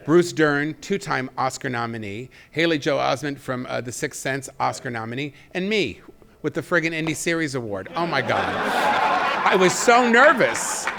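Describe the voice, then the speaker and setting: A man in his fifties, a guest actor and comedian, telling stories on a talk show in an animated, self-mocking way. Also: medium pitch, moderate pace, creaky, noisy background. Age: 50s. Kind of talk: casual talk show interview.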